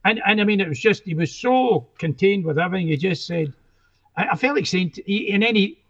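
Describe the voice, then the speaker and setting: Older Scottish male musician, guest, rambling anecdotal delivery, high pitch for a man, muffled audio. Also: lively intonation, brisk. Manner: rambling, self-interrupting storyteller. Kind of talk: anecdotal interview chat.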